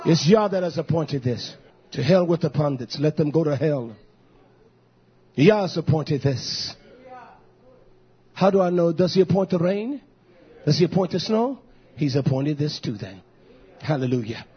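A husky, high-voiced man preaches a fiery sermon. He surges into shouts, then drops to low muttered asides. The recording sounds dull and lo-fi. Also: animated, a little slow, long pauses. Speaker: pastor.

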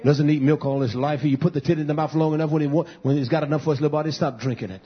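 This preacher talks very fast in a steady, husky voice. His fiery sermon is blunt and repetitive, shifting from shouts to low mutters. It was captured on a muffled, lo-fi recording.

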